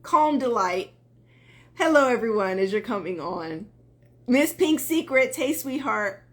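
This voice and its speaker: A woman's voice: a little high, lively intonation, unhurried. A woman dating coach talking on a live stream, earnest and emphatic, greeting viewers as they join.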